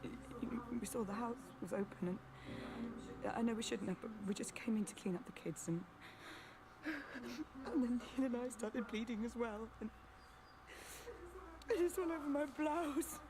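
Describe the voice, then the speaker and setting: An actress playing a frightened, exhausted young woman who speaks haltingly and trails off. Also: a little high, expressive, background noise.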